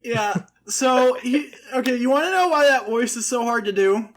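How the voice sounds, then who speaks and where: A man's voice: very high-pitched, moderate pace, fairly bright tone. A man co-hosting a podcast, chatting casually with rambling, self-deprecating jokes. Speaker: podcast co-host. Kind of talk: casual comedic chat.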